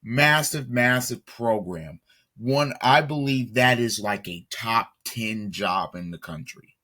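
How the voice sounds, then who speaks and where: A sports talk host runs his solo commentary show, his fairly low, sharp-toned voice moving at an unhurried pace. He speaks emphatically, repeating himself and restarting sentences as he builds toward his point.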